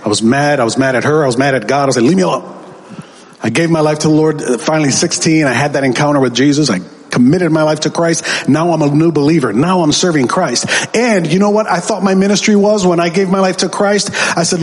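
A man's voice: a little high, fast talker, in a large hall. A man preaching a sermon, telling his testimony as a story and acting out the voices he quotes, building to emphatic peaks.

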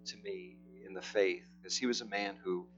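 A middle-aged male pastor tells a sermon story in a loose, rambling way, stopping and restarting often. The recording sounds a little dull. A guitar plays softly behind him. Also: low voice, fairly even intonation. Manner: rambling, halting, many restarts. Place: church service. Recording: slightly muffled with soft guitar.

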